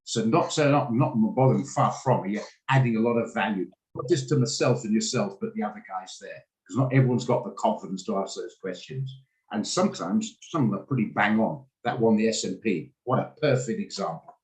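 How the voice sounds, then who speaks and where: A man's voice: lowish voice, brisk, a little mellow, poor audio. A man teaching a live online trading class over a video call, chatty and rambling, often laughing as he explains. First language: English. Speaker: trading coach.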